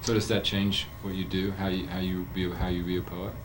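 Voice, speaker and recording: A man interviewing, asking questions haltingly with many restarts, heard from off mic on an old tape. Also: sits low, flat delivery. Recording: distant off-mic voice with background noise.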